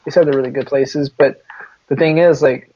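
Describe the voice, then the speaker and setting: A man's voice: mid-range voice, steady tone, moderate pace, mellow, breathy edge. A man co-hosting a podcast in casual chat, rambling and laid-back, laughing often. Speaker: podcast co-host. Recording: dull lo-fi podcast audio.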